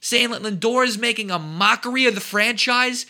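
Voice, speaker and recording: The man has a high voice with a piercing brightness. He rants about sports in an indignant, emphatic way and hammers points home by repeating himself. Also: normal speed. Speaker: sports commentator. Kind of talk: heated sports talk rant.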